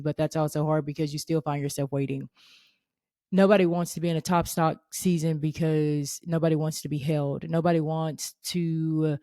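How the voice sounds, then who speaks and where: A woman's voice: low voice, a little mellow, dry recording, studio quality. A young woman hosting a faith podcast, talking earnestly and casually, often restarting and saying "like". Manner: earnest, conversational, with frequent "like" and restarts. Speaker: podcast host.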